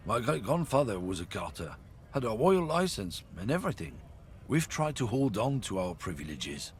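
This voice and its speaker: A man voicing a gruff, bigoted middle-aged trucker from a game, swaggering and sneering as he boasts. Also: fairly low pitch, big pitch swings, moderate pace, a little hiss or hum. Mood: boastful. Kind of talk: voicing game dialogue on a livestream.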